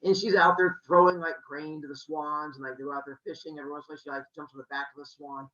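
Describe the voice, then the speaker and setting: Man, podcast host, comic myth storytelling, animated, playful, jokey asides, muffled sound. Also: on the high side, racing. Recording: roomy, slightly muffled.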